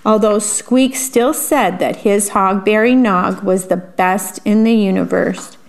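A woman reading a picture book aloud and pausing to describe the pictures in a chatty aside. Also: mid-range voice. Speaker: storyteller.

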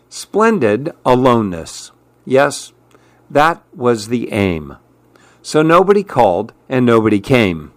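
A man reads a rhyming children's story aloud, measured and expressive, with a bouncing rhythm. He takes it slowly, and the sound is dry and close with no room echo. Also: mid-range voice. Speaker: narrator.

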